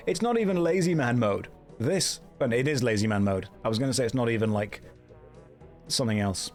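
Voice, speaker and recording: A man's voice: mid-range voice, darkish tone. A man streaming a game and commenting casually, with a dry, joking manner.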